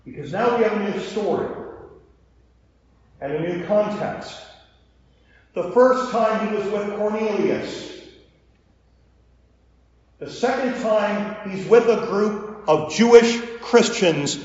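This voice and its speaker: A man's voice: high voice, slow pace, pauses often. Guy pastor giving a sermon, acts out the dialogue, dull lo-fi recording, big echoey church. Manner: animated storytelling with acted dialogue asides. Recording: echoey hall, dull lo-fi sound.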